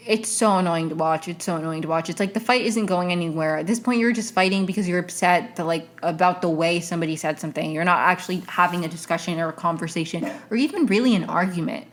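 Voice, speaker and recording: Rambling, exasperated woman, slightly low. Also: fast. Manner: rambling and exasperated, many fillers and restarts. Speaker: podcast host. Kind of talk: casual solo commentary.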